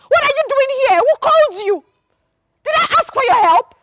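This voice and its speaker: A woman's voice: extremely high pitch, animated, a little fast, slight background noise. An actress with a Nigerian accent playing a fiercely loyal wife who scolds and defends her husband. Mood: angry. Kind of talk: film acting. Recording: dull, dry film audio.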